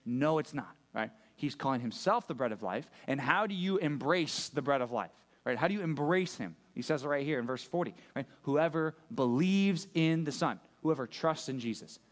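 A man's voice: fairly high pitch, lively intonation, normal speed, hardly any pauses. A man preaching a sermon as pastor, conversational and joking, asking the room questions. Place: church room with a live audience.

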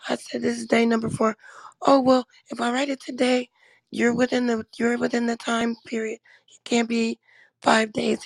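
A woman caller with a raspy voice, sick with covid, telling a story on a call-in show. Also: on the high side, no room sound. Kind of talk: call-in chat.

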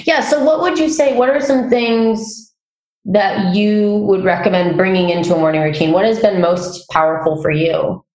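A woman's voice: medium pitch, normal speed. Chatty woman in an echoey room. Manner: chatty, laughs often, animated storytelling. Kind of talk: casual chat.

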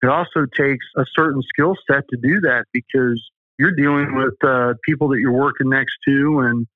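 Speaking with a Southern US accent, a man who runs a safety company tells emphatic, folksy stories as a guest in an interview. The recording is dry but tinny like a phone line, and his mid-range voice holds a moderate pace with fairly even intonation.

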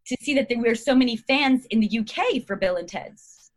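A woman's voice: on the high side, animated, normal speed. A middle-aged American woman, an actress guest, chatting in a rambling, bubbly way and laughing often. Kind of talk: casual interview chat.

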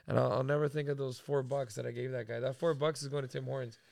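Gravelly Canadian man telling stories. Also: medium pitch, quick pace, no room sound. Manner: storytelling, animated, swears freely. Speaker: podcast co-host. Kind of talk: casual podcast chat.

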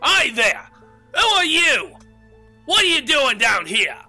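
A man voicing a loud, brash male devil guard in a tabletop game. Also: very high-pitched, very animated, takes it slowly, faint music behind, voice pushed up, full character voice. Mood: yelling. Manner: shouting, brash.

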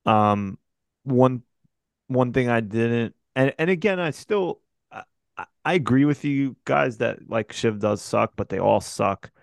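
A man's voice: mid-range voice, expressive, a little slow, creaky, no room sound, studio quality. A man co-hosting a casual podcast, rambling and profane with exasperated asides. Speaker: podcast co-host. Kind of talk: casual recap chat.

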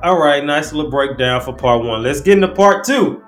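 The host of this casual rap-lyric breakdown show is a man with a fairly high, expressive, fairly bright voice at normal speed. He speaks loosely and slangily, often restarting what he's saying, while soft music plays behind him.

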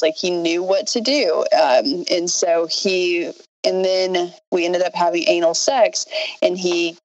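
A woman hosting a podcast, telling a personal story in an unhurried, reflective way. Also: fairly low pitch, a little mellow, dry recording. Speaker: podcast host. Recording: dull lo-fi sound.

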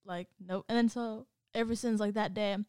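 A woman co-hosting a casual podcast, telling a story in an animated way and acting out the other people's lines. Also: mid-range voice, normal speed, clear, resonant tone, no echo, clean studio sound. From Hispanic background. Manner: animated, acts out quoted dialogue. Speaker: podcast co-host.

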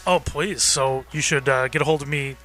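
A man's voice: mid-range voice, fairly even intonation, normal speed, bright, forceful tone, soft background music. A man appearing as a guest on a radio show, talking about food with enthusiasm and ease. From Rochester, New York. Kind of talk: casual radio interview.

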